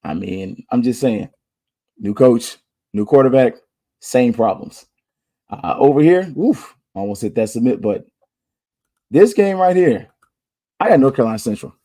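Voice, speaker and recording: A man's voice: medium pitch, expressive, a little slow, long pauses, mellow. A man hosting a podcast, casually running through his game picks in a loose, slangy way and thinking aloud. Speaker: podcast host. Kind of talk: casual sports picks chat. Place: Orlando.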